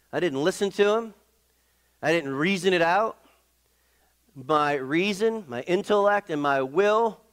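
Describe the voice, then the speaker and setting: Middle-aged pastor, man, a touch high-pitched, chatty sermon full of ums and restarts. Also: a bit bright. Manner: conversational, halting with many fillers and restarts.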